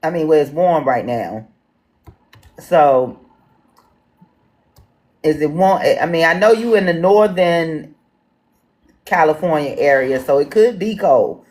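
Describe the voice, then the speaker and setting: Woman host with a D.C. accent, casual livestream chat, deep voice, slow, homey. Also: lively intonation, a little mellow. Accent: Washington D.C. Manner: chatty, folksy, addresses viewers as y'all. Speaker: livestream town hall moderator. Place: home in Washington D.C.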